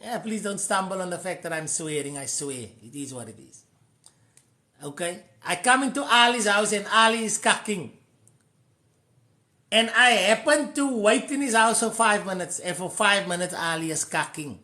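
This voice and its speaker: A man's voice: sits high, expressive, moderate pace, pushed and bright, roomy sound. A man with a South African accent hosting a live stream, giving earnest, casual advice and slipping into Afrikaans phrases.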